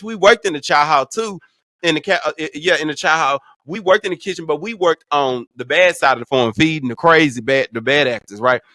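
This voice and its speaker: A young adult man hosting a casual vlog, telling a story in a profane, animated way. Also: a little high, no room sound, clean studio sound. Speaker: vlog host.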